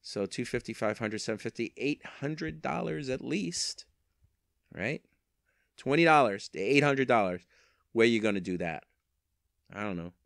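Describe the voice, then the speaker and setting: A man's voice: mid-range voice, lively intonation, measured pace, vocal fry, pauses often, fairly bright tone, no room sound, studio quality. A man in a casual vlog, talking through his online resale sales on a handheld microphone, rambling with wry, self-mocking asides. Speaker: eBay reseller.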